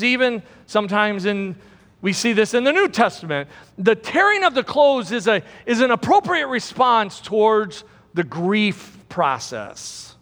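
Emphatic high-voiced male preacher. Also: pushed and bright, big-room sound. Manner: emphatic, repeats words for stress, varies pace widely. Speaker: pastor. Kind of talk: sermon.

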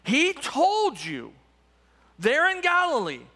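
Male pastor, very high voice, bright tone, church sanctuary reverb. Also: huge pitch swings, slow pace. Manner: emphatic preaching, frequent repetitions and rhetorical asides. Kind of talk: Easter sermon.

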